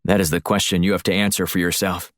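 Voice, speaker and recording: A man's voice: deep voice, level tone, fast talker, fairly bright tone, no echo, studio quality. A man voicing a blunt, hardened spy. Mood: threatening. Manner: clipped, growling. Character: hardened male covert agent, blunt and threatening.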